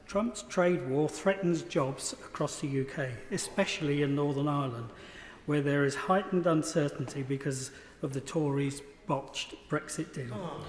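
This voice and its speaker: A hoarse man who is losing his voice speaks as an opposition spokesperson, pressing pointed, challenging questions in a parliamentary debate. His voice sits slightly high, and it echoes through a large chamber over faint background ambience. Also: slight background noise.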